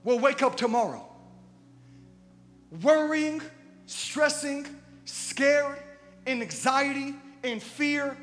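A male pastor preaching a conversational sermon, dropping to quiet asides and then rising to loud, emphatic bursts. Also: very high voice, slow, pauses often. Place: church sanctuary. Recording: long church reverb with faint music.

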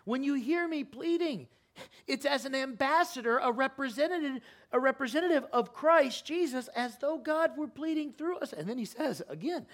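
Impassioned preacher man, fervent then hushed. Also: extremely high pitch, expressive, normal speed. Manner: impassioned, rising and falling, drops to a quiet earnest plea. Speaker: pastor. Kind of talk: sermon. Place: church sanctuary.

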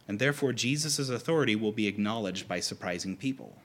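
Man preaching a lively sermon. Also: lowish voice, quick pace. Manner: conversational, animated, acts out quotes. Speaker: pastor.

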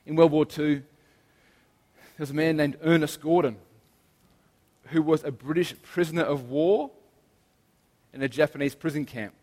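A man delivers a sermon with earnest emphasis, drawing out key phrases slowly. His voice sits a little high for a man. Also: in a large hall. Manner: earnest, emphatic preaching with slow stressed phrases. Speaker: preacher.

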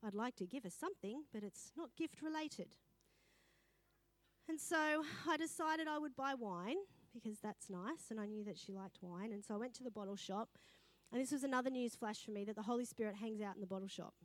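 A middle-aged woman pastor, preaching a sermon in a lively storytelling manner. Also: a little high, brisk, hardly any pauses, no room sound. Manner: lively storytelling, acting out quoted voices.

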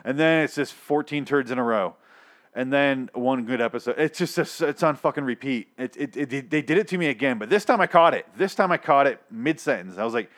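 A man's voice: mid-range voice, fairly quick. A man hosting a solo podcast, ranting sarcastically and profanely in a TV show review. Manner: profane, sarcastic, animated rant. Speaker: podcast host.

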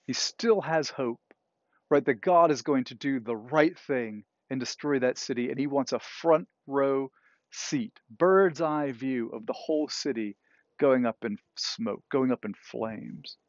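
A man's voice: medium pitch, a little slow, dry recording, dull audio. A man preaching a sermon in a conversational way, often checking in with "right?" as he retells a story. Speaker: pastor. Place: indoors, cool enough for a jacket.

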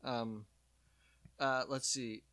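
A man hosting a casual chat, joking and animated as he retells films. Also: medium pitch, drawn-out words, dry recording. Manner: animated, joking, puts on voices for comic bits. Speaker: podcast host.

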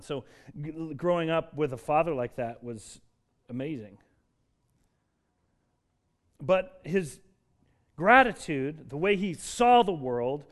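A middle-aged man from Denver delivers a sermon with a slightly higher than usual voice. He builds to emphatic, ringing declarations, then eases into soft, thoughtful asides. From Denver, Colorado. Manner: emphatic preaching that drops to soft, reflective tones. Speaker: pastor.

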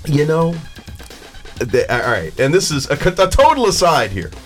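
A man's voice: fairly high pitch, huge pitch swings, measured pace, faint music behind. A man hosting a radio panel chat, telling a rambling story with laughter. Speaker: radio show host.

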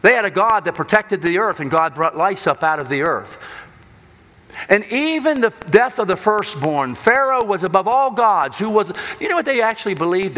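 Guy preaching a sermon, kinda high voice, booms then drops way low and quiet, big echoey hall. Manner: dramatic swings between loud emphasis and hushed low delivery. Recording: long hall reverb.

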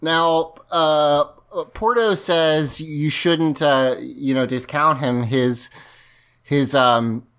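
A man's voice: on the high side, steady tone, very slow, a bit bright, smooth. A man hosting a casual podcast, recapping a TV episode in a loose, rambling way with many fillers. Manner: rambling, lots of fillers and restarts. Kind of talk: casual chat.

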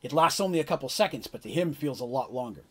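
Needs: husky male game master, lively narration. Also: medium pitch, fast talker. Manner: animated, casual descriptive narration.

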